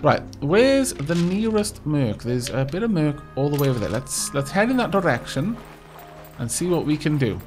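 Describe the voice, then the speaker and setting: This let's play host has a fairly high yet darkish voice, very animated, at normal speed, with soft music behind him. He chats casually through the gameplay, joking at his own expense and tripping over restarted sentences.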